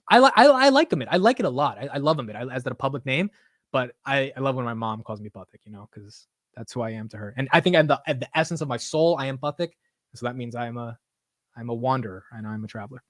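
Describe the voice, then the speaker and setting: A man's voice: medium pitch, no room sound, studio quality. A young man hosting a casual livestream, talking in an emotional, rambling way, swearing now and then and repeating himself. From United States. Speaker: livestream host.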